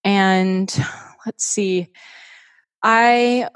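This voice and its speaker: A woman's voice: medium pitch, steady tone, very slow, clean tone, no room sound, studio quality. A woman guest on a podcast, talking in a chatty, enthusiastic way with many filler words. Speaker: podcast guest and host of her own show. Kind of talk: casual podcast conversation.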